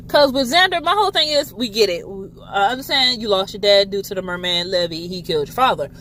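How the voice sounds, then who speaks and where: A woman casually recapping a TV episode, animated and swearing freely. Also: medium pitch, fast, a little hiss or hum. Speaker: TV show reviewer.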